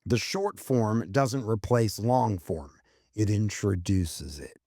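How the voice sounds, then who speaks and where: A man's voice: lowish voice, expressive, slow pace, warm tone, no room sound, studio quality. A man co-hosting a casual marketing podcast, laying out tips in a blunt, emphatic way and swearing freely. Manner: blunt, profane, emphatic, lays out numbered tips. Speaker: podcast co-host.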